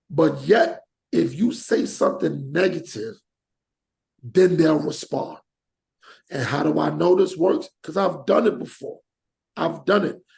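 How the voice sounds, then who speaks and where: A man's voice: on the high side, creaky. A man hosting a podcast in casual chat, ranting animatedly and acting out examples as he talks. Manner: animated, rants with acted-out examples. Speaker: podcast host.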